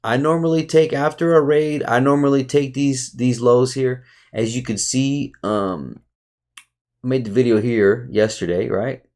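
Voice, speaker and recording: A man's voice: medium pitch, steady tone, unhurried, a little mellow. A man narrating a screen-share market review, casual and full of restarts, who turns into a profane, heated rant at his viewers. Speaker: trading educator.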